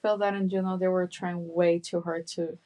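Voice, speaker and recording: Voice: medium pitch, flat delivery, normal speed, warm tone. A podcast co-host chatting casually, mostly giving short agreeing replies and brief comments. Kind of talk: casual chat.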